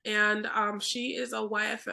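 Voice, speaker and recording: A young adult woman hosts a casual podcast interview. Her voice is bright with a gravelly fry, and she is chatty, trips over her words and leans on fillers. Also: medium pitch, level tone, measured pace. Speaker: podcast host.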